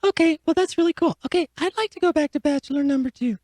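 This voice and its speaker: A woman's voice: sits high, fast talker, a little mellow, dry recording, lightly acted. A woman playing a naive, gushing contestant on a dating show in an improv comedy radio sketch.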